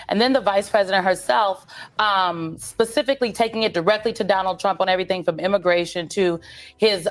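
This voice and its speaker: A woman news anchor questions a reporter in a formal, measured manner. Her voice sits in a mid pitch. She keeps an even, professional tone.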